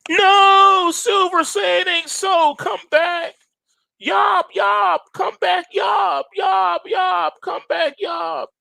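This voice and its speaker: A man putting on the voice of a cartoon father, shouting and pleading for a lost child to come back. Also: extremely high pitch, steady tone, drawn-out words, vocal fry, dry recording, pitched above the performer's own voice, heavily acted. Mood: anguished pleading.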